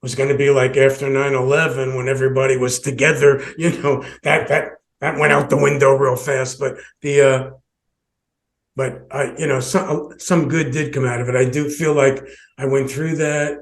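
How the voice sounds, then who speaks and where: In a creaky, medium-pitched voice with a level tone, a podcast host tells a personal story at a moderate pace. He rambles and restarts a lot, laughing briefly between phrases.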